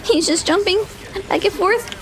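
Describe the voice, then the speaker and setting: A young woman streaming a game live, shrieking, laughing and pleading as she plays. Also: very high-pitched. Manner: excitable, shrieking and laughing under pressure; swears and pleads rapidly. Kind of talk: live gaming stream commentary.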